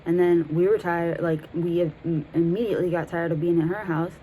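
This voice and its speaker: A woman's voice: on the low side, fairly even intonation, normal speed, mellow, slight background noise, low-quality recording. A young woman in her twenties telling a rambling, profane story in a casual way, laughing as she goes. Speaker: vlogger.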